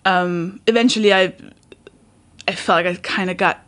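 A woman's voice: lowish voice, steady tone, moderate pace, a bit bright. A woman in her thirties hosting a podcast, telling a candid personal story in casual chat, acting out the people in it. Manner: candid, storytelling with quoted dialogue. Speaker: podcast host.

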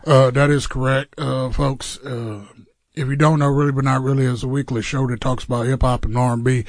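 A man's voice: mid-range voice, flat delivery, brisk, no room sound. A man co-hosting a casual radio show, teasing his partner with dry humor. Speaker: radio co-host.

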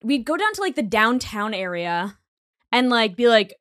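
A young woman co-hosting a podcast, chatting casually, swearing and acting out bits in loud animated voices. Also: on the high side, moderate pace, dry recording, clean studio sound. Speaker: podcast co-host. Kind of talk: casual comedic chat.

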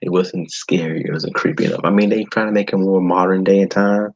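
A man hosting a podcast, giving a blunt, animated movie-review monologue with frequent swearing. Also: sits low, brisk, no echo, muffled recording. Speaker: podcast host.

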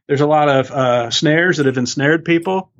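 A male author answering interview questions in an earnest, even way, laying out his ideas step by step. His voice sits a little higher than most men's. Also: moderate pace, highs cut off. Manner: earnest, steady explaining. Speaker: author and guest.

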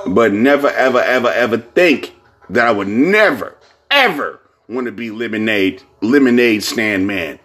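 Man, podcast host, casual rambling monologue, lots of fillers and swearing, mid-pitched voice. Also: expressive, normal speed, fairly bright tone, husky. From California. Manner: rambling, heavy fillers and profanity.

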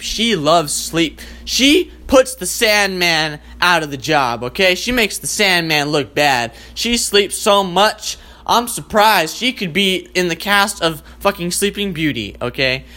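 A man hosting a comedy show, ranting in a profane, excitable and rambling way. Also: high voice. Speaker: host. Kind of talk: comedic rant.

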